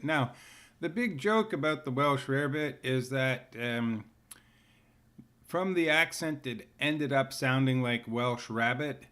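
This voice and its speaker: A man hosting a live stream in relaxed, chuckling casual chat. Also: medium pitch, slow, clean tone. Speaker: host.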